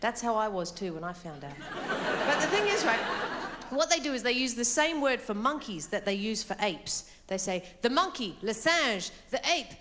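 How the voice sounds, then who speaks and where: A woman's voice: a little high, big pitch swings, normal speed, a little hiss or hum. A woman doing a stand-up comedy routine on stage, chatty and self-mocking as she tells her story. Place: comedy stage before a live audience. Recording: live stage mic with loud crowd. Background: audience laughter.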